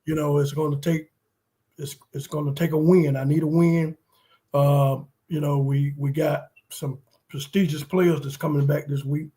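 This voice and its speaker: A man's voice: a little high, little pitch movement, normal speed, warm tone. A man from North Carolina co-hosting a sports podcast, talking casually and emphatically with many ums and repeats. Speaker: podcast co-host.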